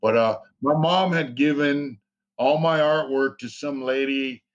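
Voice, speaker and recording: A man's voice: mid-range voice, measured pace. Male interview guest, casual storyteller, rambling and profane, dull lo-fi sound. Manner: rambling, profane, many fillers.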